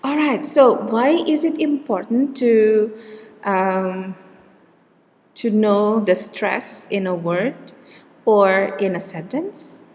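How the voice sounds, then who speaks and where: A woman gives a recorded English pronunciation lecture, speaking patiently in a slow, mid-range, darkish voice, checking in with "okay" and repeating words with exaggerated stress. Long hall reverb surrounds the recording.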